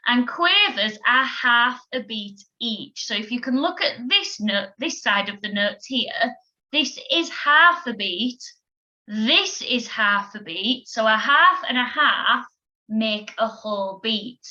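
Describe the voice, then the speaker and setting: A woman gives a children's music lesson on video at an unhurried pace. Her voice is bright and fairly high, patient and encouraging as she counts the class in. The recording sounds slightly dull and lo-fi. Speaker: primary school music teacher.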